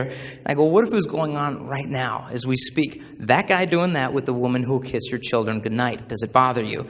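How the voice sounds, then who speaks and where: A man giving a humorous public talk to students, telling stories with animated acted-out voices. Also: medium pitch, fairly quick, long reverb tail. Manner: animated storytelling, acts out voices. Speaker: chastity speaker.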